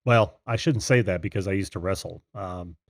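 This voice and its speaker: Gravelly husky call-in show host. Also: male voice, deep voice, normal speed, no echo, clean studio sound. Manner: friendly, many fillers and warm shout-outs. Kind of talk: casual live-stream chat. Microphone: video call.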